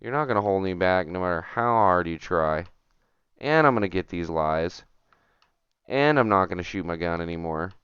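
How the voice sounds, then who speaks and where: Man streamer, low voice, very clear and dry, slightly dull audio, chatty and self-talking. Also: animated, normal speed, a bit bright, dry recording. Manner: chatty, self-talking, gets frustrated and mutters. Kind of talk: casual gameplay commentary.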